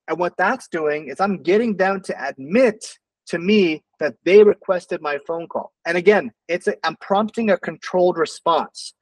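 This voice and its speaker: A man's voice: high-pitched, normal speed, hardly any pauses, dry recording, rough recording. A man who owns a marketing agency, teaching a sales-call script in a casual, conversational way. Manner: loose, conversational, acts out phone calls in quotes. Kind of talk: casual screen-share lesson.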